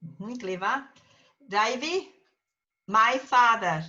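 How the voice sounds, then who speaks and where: A woman teaches a small class at an unhurried pace, her bright, clear voice calling on learners one by one and patiently correcting how they say each word. The recording is dull and lo-fi. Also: fairly high pitch, animated. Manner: patient, drills students by name and corrects pronunciation. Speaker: language teacher.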